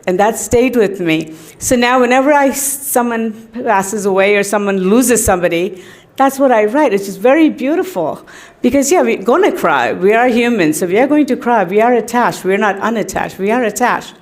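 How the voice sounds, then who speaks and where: A woman's voice: fairly high pitch, expressive, normal speed. Chatty middle-aged woman telling stories. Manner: chatty storytelling, often laughing, many fillers. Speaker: devotee giving a tribute to her teacher. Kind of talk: personal anecdotes in a tribute talk.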